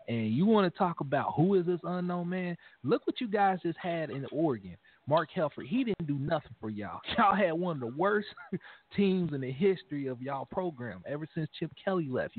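A man co-hosts a sports podcast in an emphatic, animated way, repeating himself for effect. His middle-pitched voice comes through a narrow, phone-like recording. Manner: animated, talks straight to fans, repeats phrases. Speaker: podcast co-host. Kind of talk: casual sports talk.

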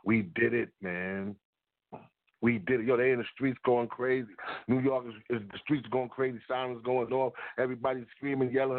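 Excited man, casual vlog monologue, shout-outs, thin lo-fi sound. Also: mid-range voice, moderate pace. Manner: hyped, repetitive shout-outs. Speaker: video blogger. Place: New York. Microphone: close to a mic.

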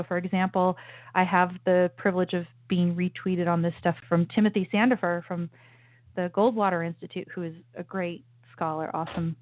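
A woman hosting a political commentary show, talking in an opinionated, emphatic way with frequent restarts and asides. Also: lowish voice. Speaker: host. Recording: tinny phone-like sound, dry.

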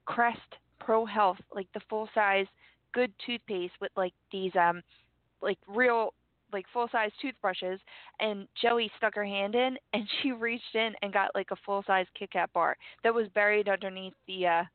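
A woman's voice: mid-range voice, fairly even intonation, a little slow, no echo. A woman co-hosting a radio show, chatting and giggling as she tells stories. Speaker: radio co-host. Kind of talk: casual radio chat. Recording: dry, phone-like audio.

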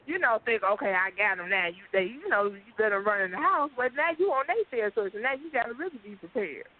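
A woman's voice: fairly high pitch, sing-song, quick pace. A woman co-hosting a radio show in casual chat, laid-back with murmured agreement. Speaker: radio co-host. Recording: phone-like narrow band.

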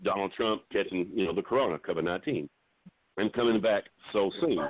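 A middle-aged man calling in to a talk show, telling meandering jokes with halting restarts. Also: sits low, dry recording. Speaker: regular caller. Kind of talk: rambling comedic call-in chat. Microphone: phone. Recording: dry tinny phone line.

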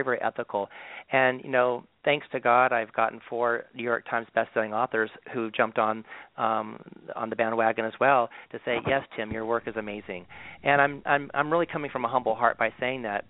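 A man's voice: mid-range voice, dry recording. A man talks through a long anecdote, full of ums and restarts. The sound is tinny and narrow, like a phone line, and completely dry with no room sound. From Southern California. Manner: rambling, many ums and restarts. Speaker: medium, guest. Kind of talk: casual interview storytelling.

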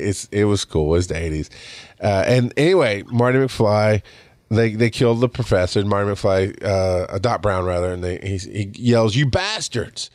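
A man in his forties hosting a podcast, telling stories in a rambling, animated way with lots of restarts. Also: on the low side, no room sound. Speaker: podcast host. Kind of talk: casual storytelling monologue.

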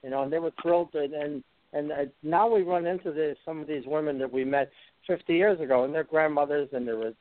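A man's voice: fairly high pitch, fairly quick. Chatty man in his seventies, phone line. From Canada. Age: 70s. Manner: chatty, teasing, anecdotal. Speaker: guest musician. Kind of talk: casual radio interview.

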